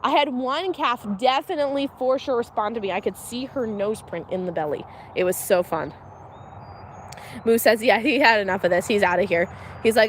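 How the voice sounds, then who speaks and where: A woman's voice: fairly high pitch, moderate pace, slight background noise. A woman hosting a casual livestream outdoors at a farm, chatty and giggly, talking to her animals. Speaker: homestead mom and livestream host. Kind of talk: casual live-stream chat.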